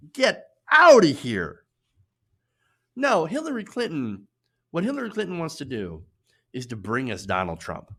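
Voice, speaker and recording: This is a man hosting a live political commentary show. His delivery is very lively, with pitch leaping around as he hammers home his points. Between rants he drifts into loose, filler-heavy asides, all at an everyday middle pitch. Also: gravelly. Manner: emphatic, indignant, repeatedly raising his voice for emphasis; rambling, with many fillers and restarts when speaking off the cuff.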